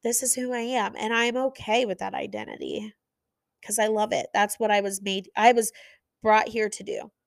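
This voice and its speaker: An energetic woman hosts her podcast in a motivational monologue, pressing every point with passion and emphasis. Her voice sits at a middling pitch. The sound is dry and close, with little room around it. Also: moderate pace, gravelly, no room sound. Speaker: podcast host.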